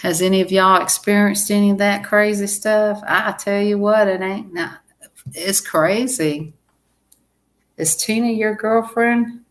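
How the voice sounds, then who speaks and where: A woman's voice: mid-range voice, steady tone, a little slow. A woman chatting casually to her live-stream viewers, rambling and laughing often.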